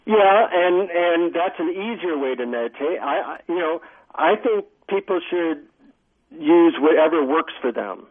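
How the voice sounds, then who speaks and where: A middle-aged man, an author being interviewed, telling animated stories with many fillers. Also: fairly high pitch, a little slow. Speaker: author and guest. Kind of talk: phone interview storytelling. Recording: tinny phone line.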